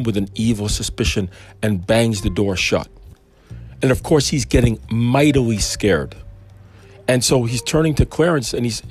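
Husky man preaching in a rambling way. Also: mid-range voice, normal speed, soft background music. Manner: rambling, conversational asides. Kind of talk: informal preaching.

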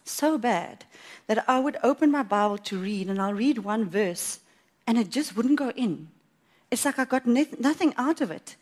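A woman giving a personal faith testimony at church, telling her story in a lively way and acting out what she thought at the time. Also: a little high, moderate pace. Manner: animated storytelling, acts out her own past thoughts, laughs often.

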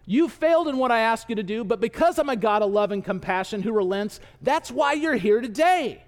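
A man's voice: high-pitched, lively intonation, moderate pace, big-room sound. A man voicing God as a patient, loving father figure who pleads earnestly. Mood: pleading.

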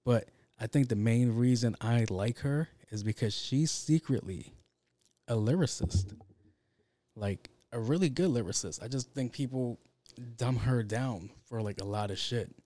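A man with kids hosts a podcast alone, chatting casually and rambling, full of fillers and swearing. His mid-range voice is unhurried and warm, and the recording is dry.

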